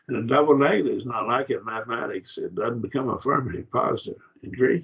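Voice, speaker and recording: A man teaching a Bible study class in a casual lecture, talking in halting phrases and repeating words as he explains. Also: mid-range voice. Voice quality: gravelly and husky. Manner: halting, repeats words, uses fillers and "see?". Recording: dull lo-fi classroom recording.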